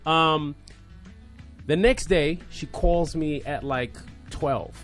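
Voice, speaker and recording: A man's voice: fairly high pitch, takes it slowly. Male radio guest, raised voice, emotional storyteller, faint music bed. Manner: animated, acts out quoted voices, swings from loud to hushed. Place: radio studio.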